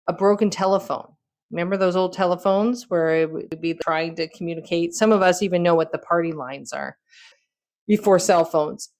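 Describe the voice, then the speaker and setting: A middle-aged woman hosting a casual motivational talk, who acts out quoted lines with lively jumps in pitch. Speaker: podcast host and wellness speaker.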